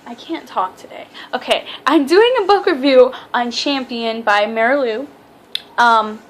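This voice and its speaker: A woman's voice: fairly high pitch, unhurried, a little hiss or hum. A young woman reviewing a book in a casual vlog, chatty and rambling, often stumbling over her words. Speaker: book vlogger.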